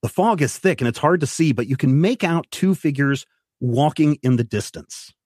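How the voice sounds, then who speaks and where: A man narrating as game master for a tabletop game, describing scenes and walking players through the rules. His voice sits at a middle pitch and sounds dry and close, with no room sound. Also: animated, normal speed, darkish tone, dry recording. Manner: descriptive narration with rules explanations, some restarts.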